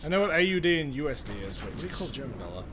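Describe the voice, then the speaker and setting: A man's voice: a little high, rapid-fire, noisy background. A young man chatting casually with his live-stream viewers while gaming, joking and swearing freely. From Australia. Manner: animated, joking, swears freely, talks to chat.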